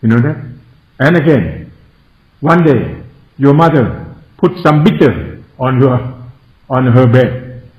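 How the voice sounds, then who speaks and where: A Buddhist monk from Thailand with a Thai accent, giving a Dhamma talk in simple broken English and often asking the listeners if they follow. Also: male voice, medium pitch, lively intonation, takes it slowly, long pauses. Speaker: Buddhist monk teaching meditators. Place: meditation centre hall. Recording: echoey, dull lo-fi room recording.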